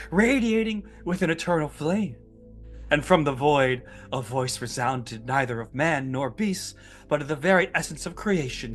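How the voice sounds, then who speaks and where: A man voicing a solemn male preacher who sermonizes slowly in a hushed, scripture-like way. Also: fairly high pitch. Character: solemn male preacher leading a goblin flock.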